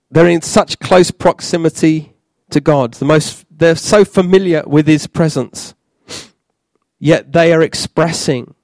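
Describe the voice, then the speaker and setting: A man preaching a sermon in a church, halting, with many fillers and restarts. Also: mid-range voice, a little mellow, no room sound.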